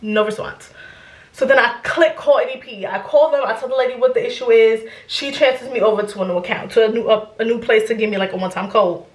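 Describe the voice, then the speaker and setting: A young adult woman vlogger telling a story in casual chat, rambling and animated, swearing freely. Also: on the high side, quick pace, reverberant.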